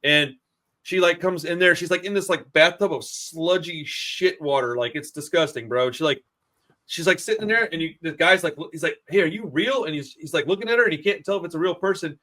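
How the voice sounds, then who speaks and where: A man in a casual film review chat, talking in an excitable, profane, slangy way. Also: a little high, a little fast. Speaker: podcast co-host.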